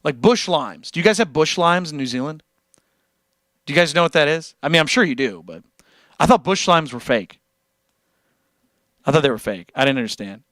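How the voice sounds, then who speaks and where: A joking livestream host chatting with his viewers, his voice a little higher than most men's and swinging all over the place. He swears freely and keeps things casual. The sound is dry and close, with no room echo. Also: expressive, moderate pace, long pauses, a bit bright. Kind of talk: casual chat reading viewer comments.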